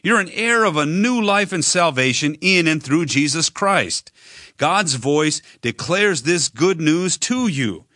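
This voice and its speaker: A man preaching a sermon, earnest and measured, speaking straight to the listener and slowing on emphatic phrases. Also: fairly high pitch, expressive, pushed and bright, no room sound, studio quality. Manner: direct address to listener.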